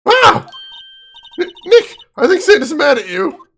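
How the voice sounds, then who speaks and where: Brief: a man putting on an excitable teenage girl, bright-eyed and eager, swooping up in pitch. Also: moderate pace, vocal fry, exaggerated voice. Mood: excited.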